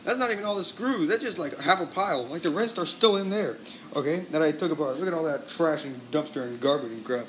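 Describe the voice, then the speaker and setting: Excitable male vlogger, somewhat high voice, rambling and worked up, faint hum behind. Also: quick pace. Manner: excitable, rambling, frequent exclamations. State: sweaty and worked up. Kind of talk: excited casual teardown vlog.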